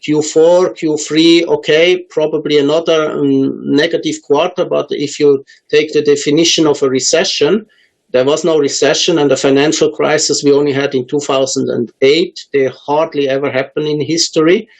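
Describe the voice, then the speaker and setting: Man, fairly high voice, halting, lots of fillers, unscripted interview answers. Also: steady tone, vocal fry, low-quality recording. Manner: hesitant, many ums and uhs, restarts. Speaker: market analyst guest.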